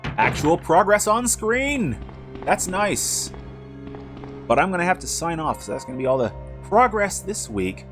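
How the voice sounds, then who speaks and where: A man's voice: fairly high pitch, big pitch swings, moderate pace, music in the background. A man streaming a video game, chatting casually with rambling, jokey asides as he plays. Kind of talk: casual live-stream commentary.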